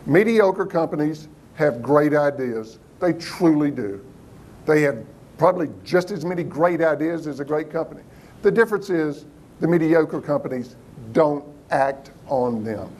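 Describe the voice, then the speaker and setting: Male business speaker with a high voice, motivational and punchy with the crowd. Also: measured pace. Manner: lively, engaging, questions the audience. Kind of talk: motivational talk to a live audience.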